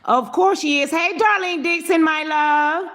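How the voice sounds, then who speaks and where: A woman's voice: high voice, measured pace, fairly bright tone. A woman hosting a casual livestream, greeting viewers by name and giving brash, profane commentary with lots of laughter.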